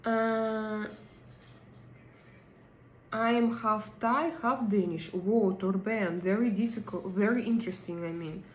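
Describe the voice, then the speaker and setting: A woman's voice: medium pitch, slow pace, long pauses, echoey room, a little hiss or hum. A woman with a Russian accent, hosting a casual live stream, chatting with her viewers and reading their comments, with many fillers and hesitations. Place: home in Denmark.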